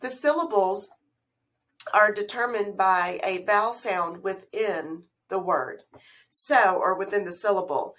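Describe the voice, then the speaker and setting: A woman's voice: medium pitch, a bit bright. A woman giving a recorded slideshow lesson on early reading, speaking in a patient, explanatory way and putting questions to the listener. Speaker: literacy educator.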